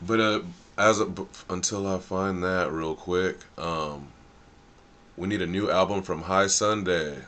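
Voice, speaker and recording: A man hosts a casual live stream, his deep voice unhurried and a bit bright over slight background noise. He rambles in loose slang, thinking aloud and getting easily sidetracked.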